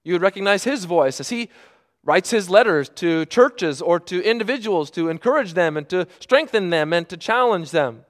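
A middle-aged man preaching a sermon, earnest, moving between hushed, drawn-out phrases and emphatic bursts. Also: high-pitched, expressive.

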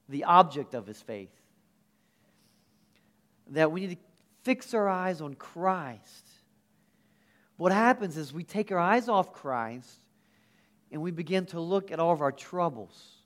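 A man preaching a sermon as pastor, earnest and animated, often restarting his phrases. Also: a little high.

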